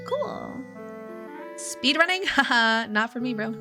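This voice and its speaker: High, lively, giggly woman streamer. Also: slow, music in the background. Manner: giggly, squealing when excited. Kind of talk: casual gameplay chat.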